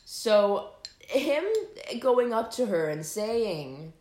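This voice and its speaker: A young woman host tells a personal story in a loose, casual chat. She is animated and leans on fillers and swearing. Her voice sits at a middling pitch and echoes around the room. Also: drawn-out words.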